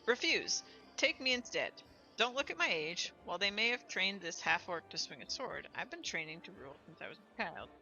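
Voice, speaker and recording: Woman doing a smooth young nobleman. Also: medium pitch, sing-song, normal speed, bright, forceful tone, highs cut off, faint music behind. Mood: insistent. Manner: smooth, courteous, self-assured. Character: polite scheming young noble man.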